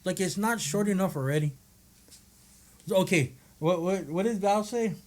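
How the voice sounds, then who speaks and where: A man's voice: high voice, moderate pace, a little mellow. A man from Hawaii in his thirties, co-hosting a podcast in casual chat, joking, laughing and acting out quoted lines. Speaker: podcast co-host.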